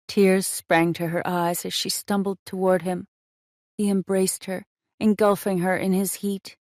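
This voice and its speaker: A woman's voice: mid-range voice, level tone, unhurried, a little mellow, no echo, studio quality. A woman narrating a romance audiobook in a scripted reading style.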